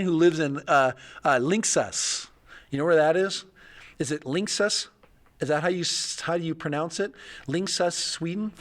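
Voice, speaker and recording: A middle-aged man hosting a casual livestream, rambling and thinking aloud with chuckles. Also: on the high side. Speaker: livestream host.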